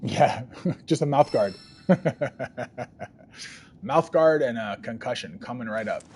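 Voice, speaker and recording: A man's voice: medium pitch, animated, slow pace, darkish tone, a little hiss or hum. A man giving rambling, casual commentary while playing a video game and chatting with viewers. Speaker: let's play streamer.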